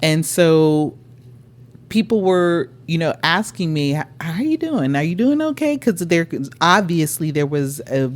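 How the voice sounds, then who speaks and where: A middle-aged woman co-hosting a podcast, telling a personal story in casual chat, acting out what people said, laughing often and swearing. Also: low-pitched. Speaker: podcast co-host.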